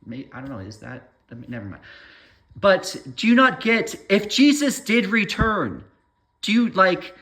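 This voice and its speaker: A man's voice: high voice, big pitch swings, measured pace, a bit bright. A man rambling through an opinion monologue, trailing off mid-thought and waving his own points away with "never mind.".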